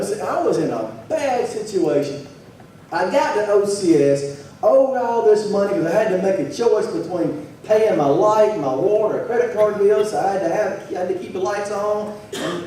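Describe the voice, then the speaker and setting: Man, earnest storytelling speaker, mellow tone, fairly high pitch, booming hall echo, distant mic. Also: animated, moderate pace, slight background noise. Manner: earnest, repeats words when emotional. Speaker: motivational speaker. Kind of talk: personal story told to an audience. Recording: very echoey hall, from far off.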